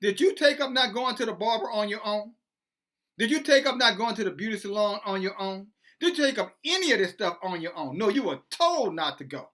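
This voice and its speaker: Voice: medium pitch, lively intonation, brisk, a bit bright. An online commentator who reads news aloud and preaches about it in a sarcastic way, full of rhetorical questions.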